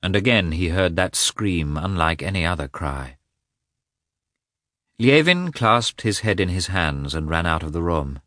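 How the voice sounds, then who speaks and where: A man giving a slow, expressive scripted reading of a novel as an audiobook narrator. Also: sits low, dry recording, studio quality.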